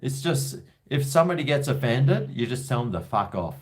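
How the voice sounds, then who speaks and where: Australian host, rambling, hesitant, sweary, animated pitch. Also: male voice, a little fast. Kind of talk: casual live-stream chat.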